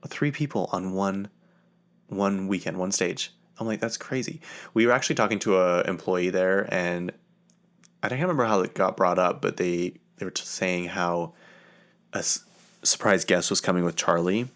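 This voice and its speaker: A man's voice: sits low, normal speed, a bit bright. A young man hosting a podcast, telling a rambling, casual story full of fillers and restarts. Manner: rambling, filler-heavy, self-interrupting. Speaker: podcast host.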